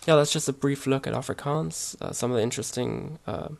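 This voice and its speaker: A man explaining grammar over his slides in a relaxed, hesitant way, with many fillers and restarts. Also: mid-range voice, fairly quick, vocal fry. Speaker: language teacher. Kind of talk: casual slide-based language lesson.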